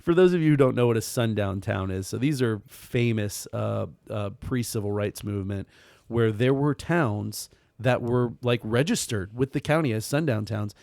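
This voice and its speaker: A man co-hosting a true-crime podcast, reading out the case in casual chat with dark, sarcastic humor, frequent laughter and swearing. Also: on the low side, normal speed, gravelly, dry recording, clean studio sound.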